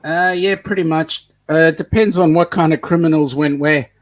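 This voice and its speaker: An Australian man in casual chat, trading teasing jokes. His voice sits a little high for a man. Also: steady tone, normal speed, dry recording. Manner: joking, teasing banter.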